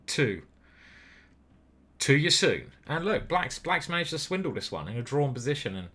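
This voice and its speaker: A young British man commentating on his own online chess games, playful and profane, switching between loud whoops and muttered asides. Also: medium pitch. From Britain. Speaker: chess grandmaster streamer.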